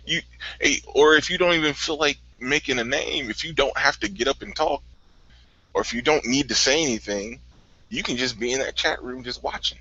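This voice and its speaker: A man's voice: medium pitch, brisk, bright, forceful tone, no echo. An easygoing man from the American Midwest in casual chat, laughing often and repeating words as he starts a thought. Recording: dry, dull lo-fi audio.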